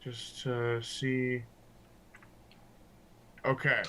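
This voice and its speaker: A man chatting through a tabletop game session, loose and informal, cursing casually as he plans his moves. His voice is bright and forward, and a faint noise sits under the recording. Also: mid-range voice, monotone, drawn-out words. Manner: chatty, swears casually, restarts often. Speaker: player.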